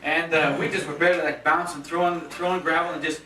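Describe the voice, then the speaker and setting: Speaking quickly in a level tone, a man with a highish, pushed, bright voice recounts a long, laughing roast story at a birthday party, heavy with fillers and restarts. The home video was shot from afar in a guest-filled party room, echoey and noisy with the crowd.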